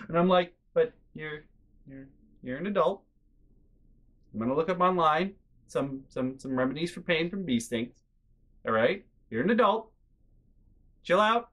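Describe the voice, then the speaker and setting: A man's voice: fairly high pitch, expressive, normal speed, long pauses, fairly bright tone. A man hosting a storytelling vlog, chatty and exasperated as he tells a family story. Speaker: host.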